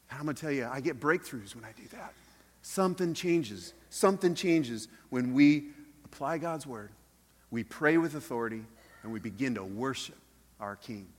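Earnest male preacher in a reverberant hall. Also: mid-range voice. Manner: earnest preaching, dips soft then rises loud. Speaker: pastor. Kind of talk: sermon. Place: church sanctuary.

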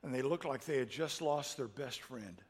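A middle-aged man preaching a sermon, telling a personal story in an emotional way that builds to loud, impassioned peaks. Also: mid-range voice, animated, moderate pace, in a large hall. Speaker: pastor.

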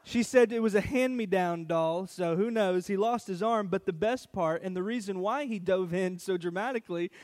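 A male pastor delivering a sermon in a lively storytelling manner. His voice sits high for a man, and he talks in a relaxed, conversational way. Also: normal speed, hardly any pauses.

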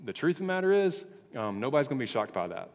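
A man's voice: medium pitch, sing-song, fast talker. Man preaching to teens in an echoey hall. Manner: conversational, frequent "like" fillers, swings between hushed and emphatic. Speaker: youth pastor. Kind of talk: casual youth sermon.

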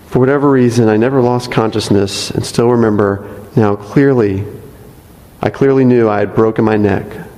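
A man's voice: fairly low pitch, warm tone, long reverb tail, rough recording. A man reading a congregant's testimony aloud in a church, earnest and breaking off for light asides, speaking into a microphone. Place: church sanctuary.

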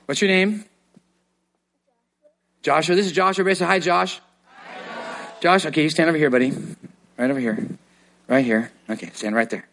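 A man's voice: a little high, brisk, gravelly, long pauses, a bit bright, some chatter behind. A man preaching a sermon to a congregation, earnest and given to repeating words as he starts a thought. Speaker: pastor.

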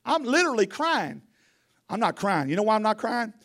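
A man preaching a sermon, telling a folksy story that swings from loud to hushed. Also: sits high, big pitch swings, normal speed. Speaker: pastor.

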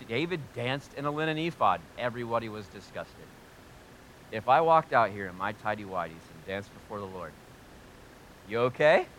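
Bright, forceful preaching man. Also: lowish voice, moderate pace, slight background noise. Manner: energetic, joking and talking straight to the audience. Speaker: pastor. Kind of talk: sermon. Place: hall with a live congregation.

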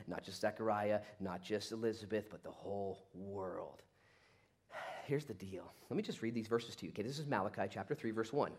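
A man preaching a sermon, swinging between loud outbursts and quiet asides and acting out quoted voices. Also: on the low side, expressive, brisk, slightly rough. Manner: acts out quoted voices of God and listeners. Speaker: pastor.

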